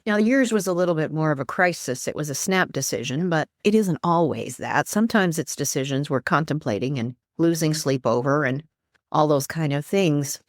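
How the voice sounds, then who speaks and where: Low-voiced woman teaching faith, preacherly. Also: moderate pace, no echo, clean studio sound. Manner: animated, preacherly, quotes scripture. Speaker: guest, life coach and minister. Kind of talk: earnest faith-based teaching in conversation.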